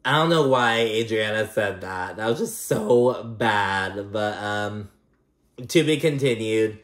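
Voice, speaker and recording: A man's voice: fairly low pitch, slow pace, fairly bright tone, echoey room. Sassy, profane man recapping reality TV. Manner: chatty, profane and sassy, many fillers. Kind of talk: casual gossipy recap.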